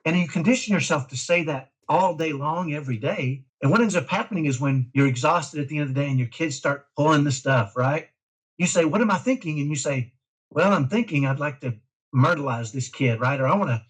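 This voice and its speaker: Husky man, fairly high voice, emphatic and driven, interview guest. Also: fairly quick, rough recording. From Dallas, Texas. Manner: energetic, emphatic, self-described type A. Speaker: parent guest. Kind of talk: casual podcast interview.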